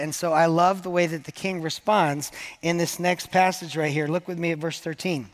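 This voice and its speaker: A man's voice: fairly high pitch, steady tone, moderate pace. A man preaching a sermon to his church in a conversational, joking way, acting out the quoted lines. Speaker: pastor.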